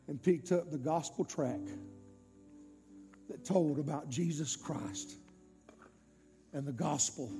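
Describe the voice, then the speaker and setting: High-voiced preacher telling a dramatic story. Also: male voice, in a large hall. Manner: dramatic, swinging loud and soft. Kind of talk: sermon storytelling.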